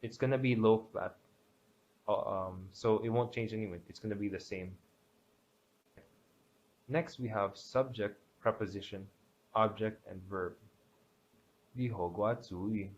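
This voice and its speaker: Slow, low-voiced man explaining grammar. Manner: hesitant, many fillers and restarts. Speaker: language teacher. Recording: dull lo-fi sound with faint background hiss.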